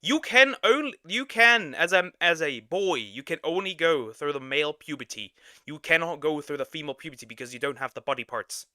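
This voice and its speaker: Young male streamer, very bright tone, dry close sound, exasperated and profane. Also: fairly high pitch, a little fast, no echo. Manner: loud, exasperated, swearing rant. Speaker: streamer reacting to a clip. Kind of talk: reaction commentary.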